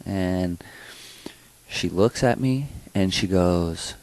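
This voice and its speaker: A man's voice: sits low, extremely slow, darkish tone, no echo, low-quality recording. A man co-hosting a comedy podcast, telling a personal story in a rambling, hesitant way with lots of fillers. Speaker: podcast co-host. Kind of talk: casual storytelling chat.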